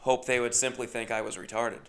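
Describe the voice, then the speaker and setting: A man's voice: medium pitch, level tone, a little fast. A man hosting a podcast, telling a comedic story in a wry, self-deprecating way. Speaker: podcast host.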